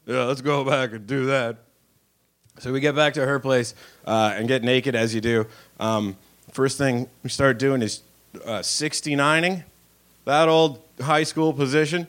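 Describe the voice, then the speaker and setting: A man's voice: a little high, moderate pace, a bit bright. A young man doing a crude, self-mocking stand-up set on a club stage. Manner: crude, self-mocking storytelling with acted-out voices. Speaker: stand-up comedian. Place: comedy club stage with live audience.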